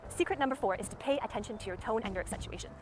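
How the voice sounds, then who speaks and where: A woman's voice: on the high side, rapid-fire. A woman giving a speaking lesson, methodically demonstrating tone and stress aloud. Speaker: speaking coach. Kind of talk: instructional talk. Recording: clear background music under voice.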